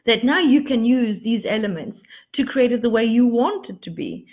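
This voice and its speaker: A woman giving a motivational teaching talk as a coach, with expressive emphasis and repeated words for effect. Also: a little high, normal speed. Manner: addresses listeners as darlings. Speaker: spiritual coach. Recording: tinny phone-like audio.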